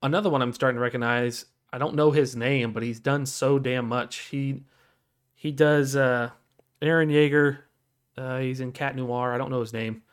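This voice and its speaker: A man's voice: medium pitch, fairly even intonation, normal speed, clear, resonant tone. A man co-hosting a casual podcast, talking in a rambling way full of fillers and restarts. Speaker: podcast co-host. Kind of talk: casual chat.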